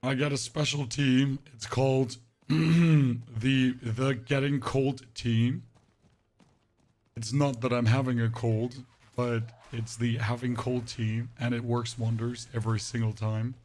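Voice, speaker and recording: Man streaming with a strained deepened voice. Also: little pitch movement, measured pace, a little mellow. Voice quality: voice pushed deeper than usual, less emphasis. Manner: chatty, rambling, talks to chat while playing. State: voice sounds off, hoarse. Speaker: game streamer. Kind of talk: live gameplay commentary to chat.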